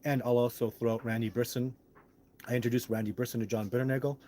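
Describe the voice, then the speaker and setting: A man's voice: mid-range voice, fairly even intonation, quick pace. Emphatic man ranting on a live stream. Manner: emphatic, heats up into loud indignant rants with cursing. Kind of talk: live stream monologue answering chat.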